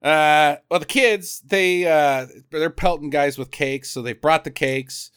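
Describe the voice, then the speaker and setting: A man's voice: fairly high pitch, slow, clear, resonant tone, dry recording, clean studio sound. A man co-hosting a podcast, joking casually about a movie and acting out its scenes. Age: adult parent. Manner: jokey, lively, acts out scenes. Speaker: podcast co-host. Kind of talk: casual chat riffing on a movie.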